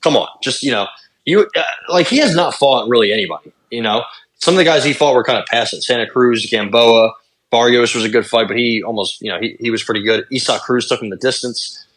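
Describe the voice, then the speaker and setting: A young adult man co-hosting a podcast, recapping fights in casual chat, talking fast and swearing. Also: medium pitch, fairly bright tone. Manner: rapid, swearing fight recaps with lots of fillers. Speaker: podcast co-host.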